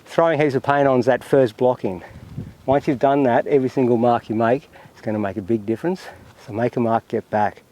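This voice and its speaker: This is a low-quality recording with slight background noise: a brisk, medium-pitched Australian man working through a painting outdoors in windy, open land. His commentary is easygoing and thoughtful, mostly muttered to himself as he goes.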